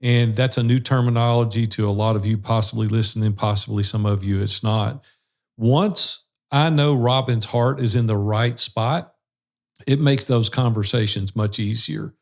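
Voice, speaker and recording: A man's voice: lowish voice, steady tone, moderate pace. A man hosting a casual panel discussion over a video call, speaking in an earnest, storytelling way. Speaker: podcast host.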